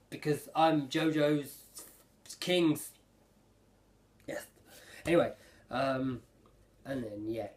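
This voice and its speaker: A man giving a casual spoken recap of an anime episode, rambling and excitable, with lots of fillers and restarts. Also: medium pitch. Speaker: anime reviewer.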